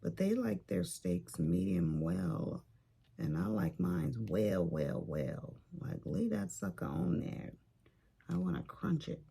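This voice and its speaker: A woman's voice: sits low, gravelly, dark tone, a little hiss or hum. A woman chatting casually while she crafts, telling stories about her family and neighbors with sassy asides. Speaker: craft vlogger.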